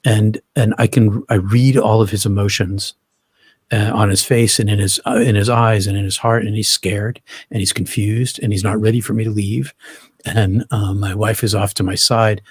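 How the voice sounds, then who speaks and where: A man's voice: lowish voice, steady tone, normal speed, husky, no room sound, clean studio sound. A middle-aged man, a guest in an interview, earnestly retelling a personal experience in vivid detail, often restarting his sentences.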